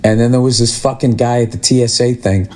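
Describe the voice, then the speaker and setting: A man's voice: medium pitch, steady tone, a little fast, darkish tone, slight background noise. A male comedian telling an exasperated, profanity-filled story about bad service in a podcast rant.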